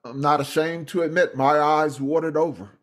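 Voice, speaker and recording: A man hosts a cruise podcast and asks his questions in a halting way, repeating words as he goes. His voice is a little higher than usual for a man. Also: fairly even intonation. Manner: hesitant, repeats words while framing questions. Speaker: podcast host. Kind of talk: interview hosting.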